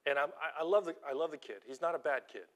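This man preaches casually, his voice a little high and his pace quick, as he tells animated tales from teaching school. He laughs at himself, whispering some remarks and raising his voice loudly for others.

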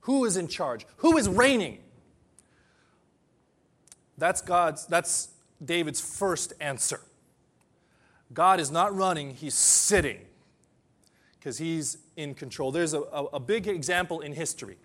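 A man preaching a sermon, swinging between loud emphatic bursts and quiet, soft asides. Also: fairly high pitch, animated, takes it slowly, long pauses. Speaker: pastor.

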